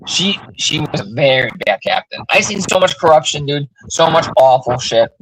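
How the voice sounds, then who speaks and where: A man's voice: fairly high pitch, animated, moderate pace, noisy background. Blunt, profane man telling stories. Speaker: livestream host. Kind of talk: casual chat.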